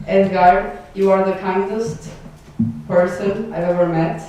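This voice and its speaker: Mid-range and steady, her voice moves a little slowly. A young native Portuguese speaker, she's the outgoing board member closing with an emotional, rambling goodbye and laughing between thank-yous. The mic sits far off in a big echoing hall, with faint noise present.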